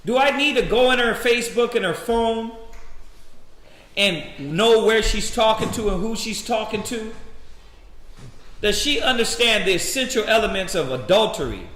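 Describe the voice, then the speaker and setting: A man preaching and teaching a scripture class in an animated, preachy way. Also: high-pitched, moderate pace. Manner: animated, preachy, acts out quotes. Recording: echoey hall.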